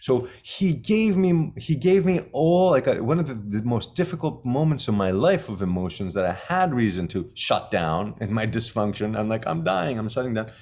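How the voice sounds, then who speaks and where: A man's voice: medium pitch, expressive, normal speed, hardly any pauses, a little mellow, a little hiss or hum. A man teaching about energy work in a casual talk, emphatic and fond of repeating key phrases. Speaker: shamanism teacher.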